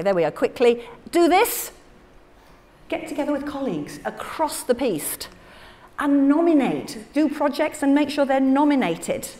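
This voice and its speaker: A woman giving a conference keynote, animated and chatty, laughing through asides to the audience. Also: high voice, slight background noise. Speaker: plenary conference speaker. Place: large conference hall. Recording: echoey hall with faint room ambience.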